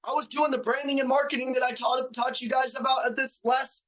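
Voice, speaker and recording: A man with a fairly high voice delivers a motivational talk to salespeople. He hammers his points with repetition, slang and casual swearing, often climbing into loud, driving shouts. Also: level tone, fairly quick, poor audio. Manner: emphatic, repetitive, slangy and profane. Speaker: sales trainer and motivational speaker. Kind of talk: motivational speech.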